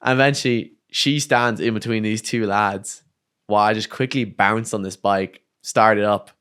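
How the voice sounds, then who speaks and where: A young man with an Irish accent, a podcast guest telling a story in casual chat, animated and swearing freely. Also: fairly low pitch, normal speed, smooth. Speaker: podcast guest, downhill mountain bike racer.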